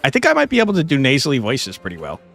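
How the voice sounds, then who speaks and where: A man's voice: medium pitch, huge pitch swings, rapid-fire, gravelly, a bit bright. Laid-back young male gaming streamer. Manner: laid-back, jokey, swears casually. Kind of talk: casual live-stream chat. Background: game music.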